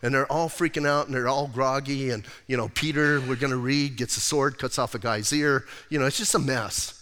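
A man preaching a sermon as pastor, in a casual, animated way that acts out the scenes he describes. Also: medium pitch, normal speed, long reverb tail. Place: church sanctuary.

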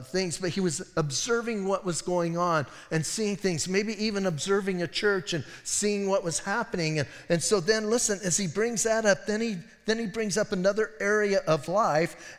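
Pastor guy preaching, kinda high voice, chatty with little side jokes, big echoey church hall. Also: moderate pace, few pauses, fairly bright tone. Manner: conversational, self-interrupting preaching with wry asides. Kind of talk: expository sermon.

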